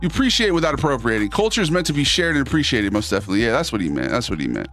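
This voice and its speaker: A man chatting loosely on his live stream, reading the chat and jumping into quick silly voices. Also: medium pitch, sing-song, fairly bright tone, faint music behind.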